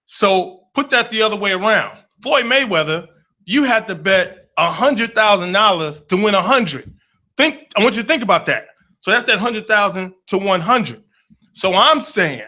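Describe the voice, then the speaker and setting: A man with a high, bright voice spins a comic story from his own life, playful and animated as he acts out the people in it. The sound is dull and lo-fi. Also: moderate pace.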